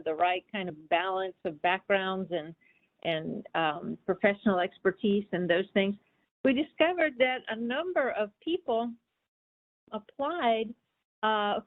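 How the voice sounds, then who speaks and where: A woman leading a virtual meeting as agency administrator, talking in a loose, chatty way. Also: medium pitch. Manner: warm, chatty, with many fillers and restarts. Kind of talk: casual meeting talk. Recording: tinny phone-line audio.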